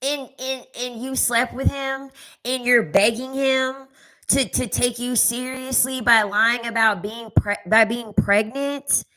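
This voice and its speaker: A woman's voice: fairly high pitch, fairly even intonation, slow pace, pushed and bright, rough recording. A woman giving a casual commentary rant, sassy and emphatic, often repeating her lines for effect. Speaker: commentary vlogger.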